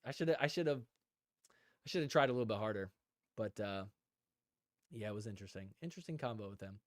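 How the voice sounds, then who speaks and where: A man's voice: on the low side, fairly quick, no echo, clean studio sound. Chatty young man telling stories. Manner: animated storyteller, reads chat comments aloud; filler-heavy, says "like" and "dude" a lot. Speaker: podcast host. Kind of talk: casual live-stream chat.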